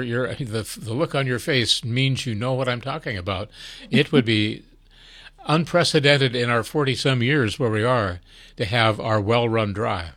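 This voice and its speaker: An older man hosting a casual chat, talking in a chatty, wry and unhurried way. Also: mid-range voice, fairly bright tone, no room sound. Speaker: host.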